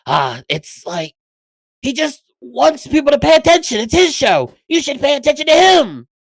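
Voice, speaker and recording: A woman's voice: high voice, big pitch swings, moderate pace, gravelly, no echo, pitched above the performer's own voice, exaggerated voice. A woman voicing an annoying, attention-hungry male imp with a scratchy, demanding voice. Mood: bratty. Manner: bratty, demanding.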